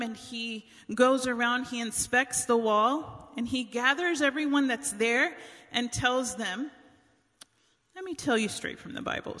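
A woman delivering a Bible teaching gives a casual sermon, retelling Bible stories in chatty everyday language. Her voice is fairly high, bright and forceful, and she speaks in a large hall.

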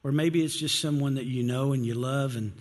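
A man's voice: mid-range voice, fairly quick, a little mellow. Earnest, emotional man preaching in a reverberant church. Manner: earnest, emotional, many restarts and "just". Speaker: pastor. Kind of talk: sermon with opening prayer. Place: church sanctuary.

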